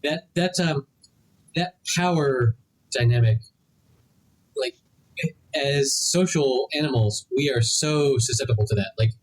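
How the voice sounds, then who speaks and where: A young man co-hosting a podcast in casual chat, with a slightly husky, breathy voice. His pitch sits in a middle range. He rambles and restarts his sentences often as he works through an idea. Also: a little slow, pauses often, poor audio. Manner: rambling, many restarts and fillers. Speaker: podcast co-host.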